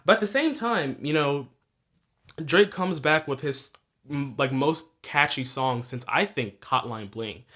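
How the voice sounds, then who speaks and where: A man's voice: on the high side, unhurried, sharp tone. A young man hosting a music podcast, talking loosely and profanely, correcting himself often and laughing at his own points. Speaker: podcast host reviewing new music. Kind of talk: casual solo music review.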